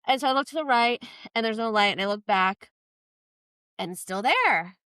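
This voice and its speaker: A woman co-hosting a podcast, telling a personal story in casual chat, animated and full of "like" fillers. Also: a little high, normal speed, clean tone, no echo. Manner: animated, quotes herself in lively voices; frequent fillers "like". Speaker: podcast co-host.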